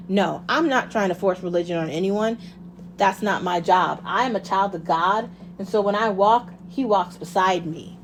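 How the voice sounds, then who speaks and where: A woman's voice: mid-range voice, slight background noise. A woman talking straight to camera in a casual monologue, impassioned and blunt, swearing freely and asking herself rhetorical questions. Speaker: vlogger.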